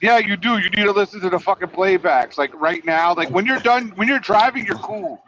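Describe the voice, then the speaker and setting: A man's voice: high-pitched, a little fast, crowd noise. A man who drives trucks, hosting a casual, rambling, profanity-filled chat and teasing his guests. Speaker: trucker and podcast host. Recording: dull lo-fi audio.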